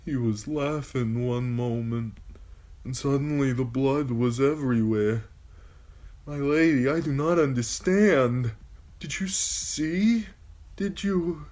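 A man voicing a tall young woman knight who speaks quietly, her voice near breaking. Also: lowish voice, a little slow, voice pushed up. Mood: grieving. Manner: soft, shaky voice near breaking.

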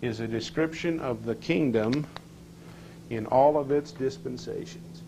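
A man teaching a scripture class in a room, his voice sitting at an ordinary middle pitch. He keeps questioning his listeners and reads verses aloud with rising emphasis. A faint hum runs underneath the recording. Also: unhurried, vocal fry, mellow, poor audio.

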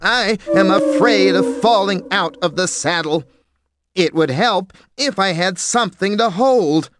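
A man voicing a clever, cheeky male monkey in a high, playful, sly voice over music. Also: unhurried, fairly bright tone, dry recording. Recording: music bed underneath.

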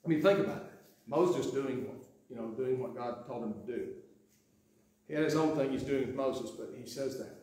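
The sermon comes from a man with a mid-range, darkish voice who preaches at a moderate pace. He's a pastor from Sweetwater who talks conversationally, restarts frequently, and dramatizes the quotes he reads, all in a very echoey church sanctuary.

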